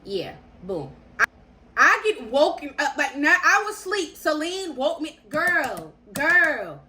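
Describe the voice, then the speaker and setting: A young woman telling a story to her viewers in casual slang, animated and repeating phrases for emphasis. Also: sits high, a little slow. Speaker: storytime vlogger.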